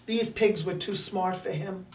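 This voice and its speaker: A woman telling a fairy tale to children in an animated, expressive way, recorded in a roomy space from a distant mic. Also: medium pitch, a little slow. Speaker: storyteller. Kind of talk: children's storytelling.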